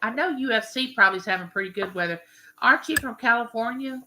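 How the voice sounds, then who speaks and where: A woman's voice: on the high side, fast, noisy background. An older woman from Mississippi, hosting a rambling live stream and greeting viewers by name.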